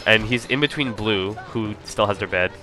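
Man commentating his own speedrun, lower voice, bright and forceful, rambling, faint game music under it. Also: moderate pace. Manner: rambling, full of "like" and "um". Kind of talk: casual gaming commentary.

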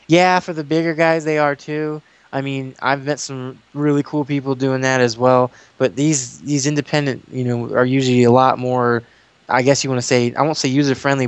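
Casting note: male YouTube guest, rambling storyteller, mid-pitched, dry close recording. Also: normal speed, clear, resonant tone, dry recording. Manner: rambling, animated storytelling with restarts. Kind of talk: casual interview chat.

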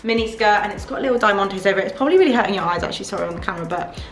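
A British woman of about twenty, gushing and excitable, chatting through a casual try-on haul vlog. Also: medium pitch, racing, echoey room, soft background music. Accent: British English. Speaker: fashion vlogger. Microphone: camera mic.

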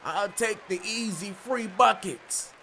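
A man giving excited gameplay commentary, hyping plays and often shouting. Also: high-pitched, slow, noisy background. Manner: hypes plays with frequent shouting. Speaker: gaming video creator.

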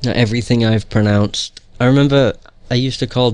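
A man's voice: lowish voice, level tone, brisk, darkish tone, clear, resonant tone, faint music behind. A young man giving casual gameplay commentary in a joking, profane, sarcastic way.

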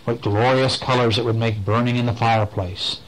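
A man reading a bedtime story aloud to a child, gentle and playful, stopping to point at the pictures and ask questions. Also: medium pitch, fairly even intonation, moderate pace, background noise.

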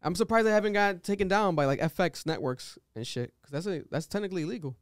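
Animated, slangy young podcast host. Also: male voice, sits high, quick pace, dry recording, clean studio sound. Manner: animated, slangy storytelling with swearing. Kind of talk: casual chat.

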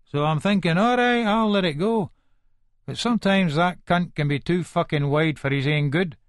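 A volatile Edinburgh hardman, played by a man, narrates an audiobook in a thick Scots accent, aggressive and swearing in every breath. His voice sits a touch high for a man. The recording is close and dry, with no room sound. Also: moderate pace, dry recording, close to an everyday voice. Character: volatile violent Edinburgh hardman, paranoid and foul-mouthed. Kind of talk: first-person audiobook narration.

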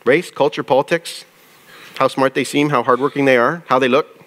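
His voice is medium in pitch, a bit bright, with fairly even intonation. He's a pastor giving a conversational sermon, regularly asking listeners questions and reading scripture slowly.

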